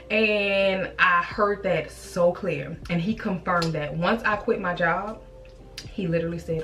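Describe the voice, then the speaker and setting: A woman's voice: lowish voice, fairly even intonation, normal speed, fairly bright tone. Emotional chatty young woman vlogger. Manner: chatty, emotional, addresses viewers as y'all and girl. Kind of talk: casual confessional vlog. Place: home bathroom, filmed on own camera.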